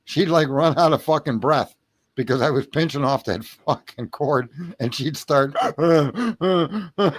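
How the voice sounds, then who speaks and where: A man talks into his home streaming mic in the small hours. His speech is loose and profane, broken up by laughter and throat clearing. His pitch sits in the ordinary middle range. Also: normal speed. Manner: rambling, self-mocking, lots of throat clearing. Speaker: livestream host. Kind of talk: late-night livestream chat.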